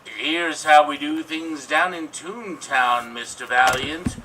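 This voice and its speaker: A man doing a slow, menacing villain. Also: on the high side, far from the mic, background noise, pitched below the performer's own voice. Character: sinister cold male cartoon villain judge.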